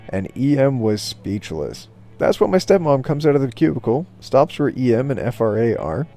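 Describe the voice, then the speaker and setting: A man's voice: mid-range voice, creaky, mellow. A man hosting a YouTube channel, reading Reddit stories aloud in a casual, amused way and chuckling along. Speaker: YouTube storyteller.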